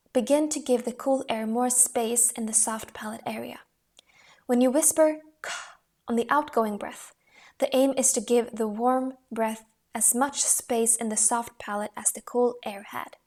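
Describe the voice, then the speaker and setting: A woman reading a voice-training book aloud in a calm, measured way, with the occasional restart. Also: on the high side.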